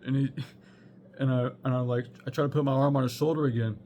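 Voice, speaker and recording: A man's voice: medium pitch, fast talker, a little mellow, slight background noise. A young man telling a rambling storytime anecdote, full of fillers and swearing. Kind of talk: casual storytime monologue.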